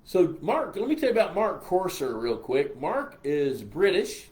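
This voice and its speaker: A man's voice: a little high, very animated, unhurried, darkish tone. An older man with a Texas accent hosts a casual live stream, reading viewer comments and answering their questions in a folksy, rambling way. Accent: Texan.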